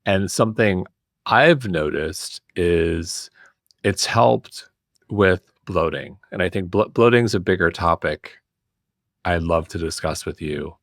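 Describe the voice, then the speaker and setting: A man hosting a podcast, asking questions in a relaxed, conversational way and often repeating words as he starts. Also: low-pitched, takes it slowly, no echo, clean studio sound. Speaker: podcast host. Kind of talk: casual podcast interview.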